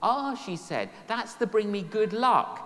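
A woman's voice: mid-range voice, expressive, measured pace, a bit bright. A woman preaching a sermon, telling personal stories and repeating key phrases for emphasis. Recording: long hall reverb.

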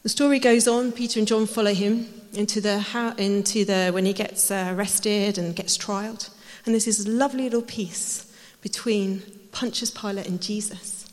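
A woman preaching a sermon, telling the story in a lively way and acting out the voices. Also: medium pitch, normal speed. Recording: hall reverb.

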